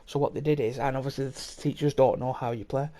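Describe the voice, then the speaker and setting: A man's voice: medium pitch, fairly even intonation, fast, warm tone. A young man hosting a podcast, telling a story in a rambling, sweary way with plenty of laughs and restarts. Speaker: podcast host. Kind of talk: casual storytelling chat.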